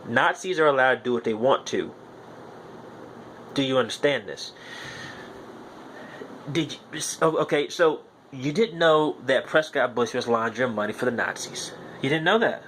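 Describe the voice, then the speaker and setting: A man's voice: medium pitch, normal speed, pauses often, fairly bright tone, a little hiss or hum. A young man hosting a podcast, delivering a heated, profane monologue that hammers his points home through repetition. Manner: profane, ranting, repeats himself insistently. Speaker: podcast host.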